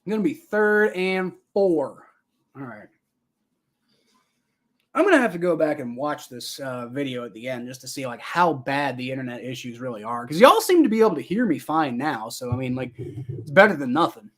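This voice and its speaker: A man's voice: medium pitch, expressive, moderate pace. A man hosting a live stream, calling plays loosely and chatting back at viewer comments in a rambling, casual way. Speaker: live-stream sports reaction host. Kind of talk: casual live play-by-play and chat reaction.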